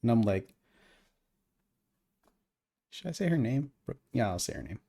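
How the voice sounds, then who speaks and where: A man's voice: medium pitch, very animated, a little slow, creaky, mellow, breathy edge. A man co-hosting a podcast, telling a heated story in casual, profane chat. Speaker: podcast co-host.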